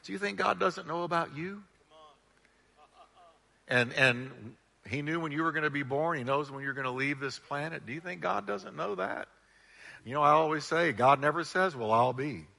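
A male pastor preaching a sermon with animated delivery, drawing the congregation into call-and-response. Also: on the high side, normal speed, gravelly, long reverb tail.

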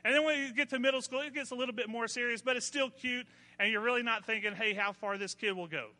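A man's voice: very high voice, fast talker, pushed and bright, in a large hall. A man, preaching a sermon as pastor, telling folksy stories and building to emphatic points. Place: church.

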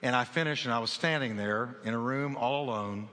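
A man preaching a sermon as pastor, swinging between loud exhortation and hushed, low storytelling. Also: fairly quick. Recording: long hall reverb.

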